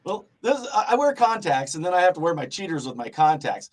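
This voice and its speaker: A man's voice: on the high side, big pitch swings, a little fast. A middle-aged man from Illinois hosting a casual interview, rambling through stories, laughing often and swearing freely. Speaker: show host.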